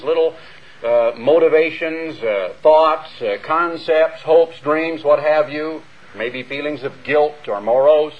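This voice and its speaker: An older American man, a minister, preaching an earnest, measured sermon to a congregation, with emphatic rises and long pauses. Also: fairly high pitch, slight background noise. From United States. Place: church hall before a congregation. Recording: dull lo-fi radio broadcast.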